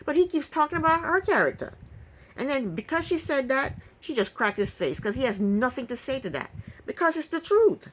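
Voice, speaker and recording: A woman recapping a reality TV episode in casual talk, opinionated and indignant, with quick asides. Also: high voice, very animated, slight background noise, poor audio.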